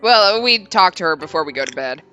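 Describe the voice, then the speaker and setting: Woman streamer chatting over a game, bright voice, lots of ups and downs. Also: fairly low pitch, expressive, fairly quick, lo-fi sound, soft background music. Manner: chatty, questioning. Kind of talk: casual game chat.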